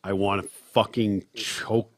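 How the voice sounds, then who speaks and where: A man's voice: on the low side, slow pace, dry recording. A man co-hosting a casual podcast, reacting and arguing with lots of swearing. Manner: expressive, profane, reacting and arguing in disbelief. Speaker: podcast co-host.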